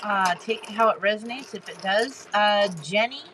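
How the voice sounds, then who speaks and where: A woman giving a live tarot reading to her chat, talking haltingly with many fillers and restarts and greeting viewers by name. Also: medium pitch, background noise. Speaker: tarot reader hosting a live stream.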